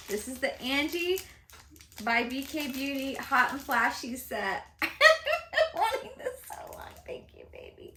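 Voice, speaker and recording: A chatty, excitable woman in her fifties, vlogging casually to camera about beauty at home and laughing often. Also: sits high, background noise. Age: 50s.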